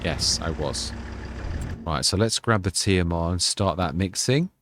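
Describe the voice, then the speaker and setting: Low-voiced guy rambling through a farm game, correcting himself, vehicle noise behind. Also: unhurried, fairly bright tone. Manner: chatty, thinks aloud, self-correcting. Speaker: gaming channel host. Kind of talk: casual let's-play commentary. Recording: clear background game noise.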